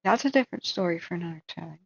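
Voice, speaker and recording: A woman's voice: on the low side, expressive, fast talker, gravelly, husky, dry recording. A woman hosting a live stream, chatting casually and thinking aloud as she tells a story. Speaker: livestream host. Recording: dull, dry lo-fi sound.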